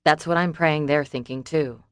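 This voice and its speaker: A woman reading a calm protective man. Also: low-pitched, normal speed, clear, resonant tone, no room sound, clean studio sound, close to an everyday voice. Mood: steady. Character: steady protective man on guard.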